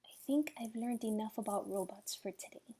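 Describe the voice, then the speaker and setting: A woman's voice: sits high, sing-song, fairly quick, vocal fry, heavily acted. A small earnest boy gosling, voiced by a woman.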